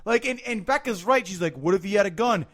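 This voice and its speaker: A podcast host with a high, bright voice, telling stories in a loose, profane way. He gets heated and loud when he acts out his arguments. The talk is casual chat between friends. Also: fast talker. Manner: profane, animated storytelling with heated reenactments.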